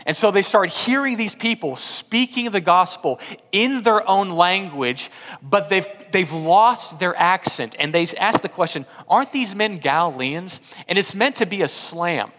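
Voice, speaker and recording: A man from Texas, preaching a sermon as pastor, stumbling and repeating words, swinging from loud emphasis to hushed tones. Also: high-pitched, expressive, a little slow, long reverb tail.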